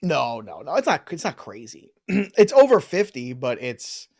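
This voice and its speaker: A man hosting a live fantasy football stream, brisk and joking as he reads listener questions in rapid fire. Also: mid-range voice, wildly swooping pitch, gravelly. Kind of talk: casual live-stream chat.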